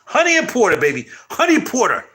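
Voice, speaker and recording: A middle-aged man hosting his channel, chatting casually to viewers in loud, animated, slangy street talk. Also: very high-pitched, fast talker. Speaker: channel host.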